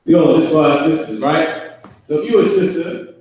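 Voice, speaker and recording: A man teaches a relaxed class, talking loosely and acting out little family scenes in other voices. His voice is a touch high for a man. It sounds boomy and echoey, as if he is standing away from the mic in a big bare room. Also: moderate pace, distant mic. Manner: casual, conversational, acts out family scenarios in character voices. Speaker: Hebrew language teacher. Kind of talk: casual live online class.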